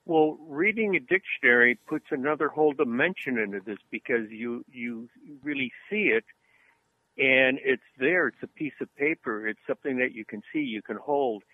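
A man's voice: medium pitch, moderate pace, no echo. A man co-hosting a casual podcast chat over the phone, chatty and rambling through anecdotes. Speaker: co-host. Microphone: phone line. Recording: tinny phone line.

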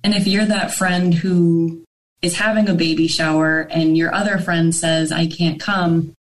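Woman, podcast guest, candid personal storytelling, casual, slightly low voice. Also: steady tone, measured pace, slight background noise, poor audio.

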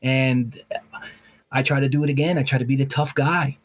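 A middle-aged man telling a candid personal story as an interview guest, blunt and profane, with animated, restless storytelling. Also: medium pitch, normal speed.

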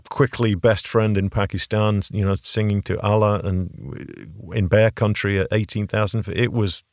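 Lower-voiced middle-aged man telling stories. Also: normal speed, no room sound, clean studio sound. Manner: animated, rambling with fillers and restarts. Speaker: conservationist and bear researcher, guest. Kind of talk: casual storytelling interview.

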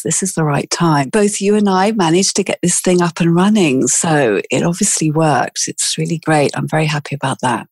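A middle-aged woman with a British accent talks easily as an interview guest, joking at her own expense. Her voice sits a little low and has a husky edge. The sound is dry and close, with no room around it. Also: darkish tone, no room sound. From England. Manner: chatty and self-deprecating, with filler words. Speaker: podcast guest, yoga teacher. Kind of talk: casual interview chat.

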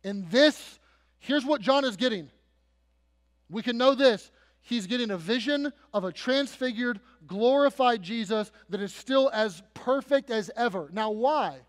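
A man preaching a sermon as pastor, telling the story dramatically, dropping soft and then building to loud emphasis. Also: extremely high pitch, lively intonation, a little slow. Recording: long reverb of a large hall.

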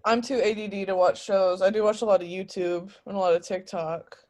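A woman's voice: mid-range voice, fairly even intonation, a little fast, a little mellow. A woman guest on a podcast, chatting casually and playfully, laughing often. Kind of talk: casual chat.

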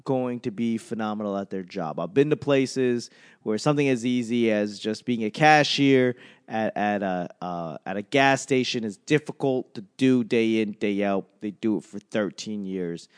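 A man's voice: fairly low pitch, moderate pace, clear, resonant tone. A man working as a stand-up comedian, talking in a casual, rambling monologue. He swears often, mocks himself, and trails off and restarts his sentences. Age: adult. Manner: profane, self-deprecating, trails off and restarts.

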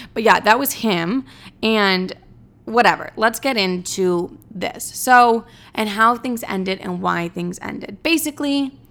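A woman's voice: mid-range voice, creaky, a bit bright. Blunt, swearing young woman podcaster. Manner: blunt, swears a lot, mimics others in quotes. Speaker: podcast host. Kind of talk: candid storytelling chat.

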